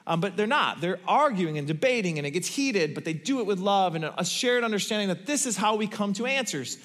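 A man's voice: high voice, expressive, fairly quick, a bit bright. A man giving a sermon, telling a story in a conversational way with many fillers. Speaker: pastor.

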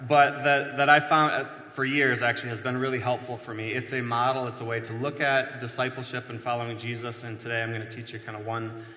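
A man with a bright, forceful voice preaches in a relaxed, chatty way, pausing on "uh" and "um" and poking fun at himself. His words ring through a large church hall, and the long reverb trails behind each phrase. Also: mid-range voice. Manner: conversational, self-deprecating, many fillers. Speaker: pastor. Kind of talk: casual sermon teaching at a whiteboard.

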